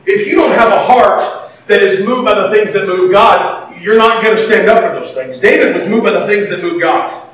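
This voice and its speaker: High, bright-voiced preacher man in echoey hall. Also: normal speed. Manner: animated, folksy storytelling with sudden shouts. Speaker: pastor. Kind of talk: sermon. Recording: echoey hall, mic far off.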